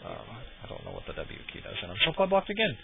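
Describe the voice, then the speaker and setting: A man casually commentating his own match replay, relaxed and self-critical, with lots of ums. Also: fairly high pitch, fast talker, vocal fry. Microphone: cheap desk mic. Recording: tinny lo-fi mic with loud noise.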